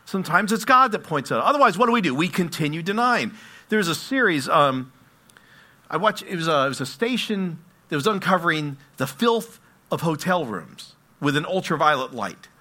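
A man preaching a sermon, telling stories and swinging between hushed asides and loud exclamations. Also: on the high side, big pitch swings, normal speed. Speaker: pastor.

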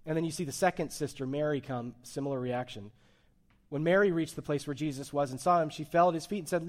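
A man's voice: on the high side, fast talker. Man preaching in a conversational sermon. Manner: conversational preaching, swings between soft and emphatic. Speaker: pastor.

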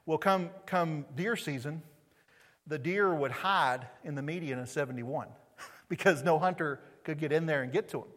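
Preaching in a church sanctuary, a middle-aged male pastor talks to his congregation in a conversational tone and throws out rhetorical questions. He speaks at an ordinary speed in a highish, somewhat bright voice, and the sound carries a long hall reverb.

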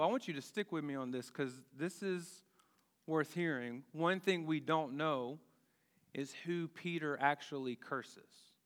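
A man preaching a sermon, deliberate and emphatic, with dramatic pauses and rhetorical questions. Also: a little high, sharp tone. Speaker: pastor. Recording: long hall reverb.

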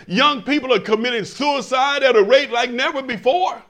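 A man's voice: very high-pitched, normal speed, a bit bright. An older man preaching a sermon to a congregation, with stammered restarts, emphatic swells and call-and-response questions. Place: church in front of a congregation.

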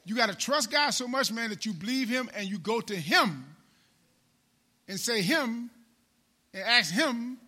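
A man preaching a sermon in call-and-response style. He repeats his phrases and swings between loud and soft. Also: very high voice, animated, unhurried, long pauses.

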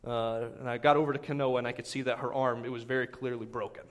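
A man in his thirties, a pastor preaching a sermon, telling a personal story in an animated, conversational way and often turning to the congregation with quick asides. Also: mid-range voice.

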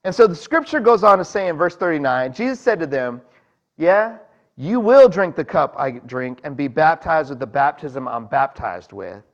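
Man preaching a casual, lively sermon. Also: on the high side, normal speed, highs cut off. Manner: conversational preaching, asks the congregation, acts out voices. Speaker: pastor.

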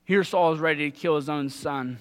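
Male pastor, high bright voice, casual folksy sermon, reverberant hall. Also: fairly quick. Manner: casual conversational preaching with folksy paraphrased quotes.

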